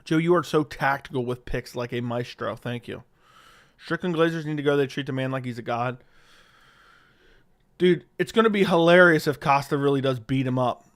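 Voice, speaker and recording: Clear-voiced man chatting on a livestream. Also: medium pitch, moderate pace. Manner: reads chat questions aloud and answers offhand; relaxed, swears freely. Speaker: livestream host. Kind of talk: casual live-stream chat. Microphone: studio dynamic mic.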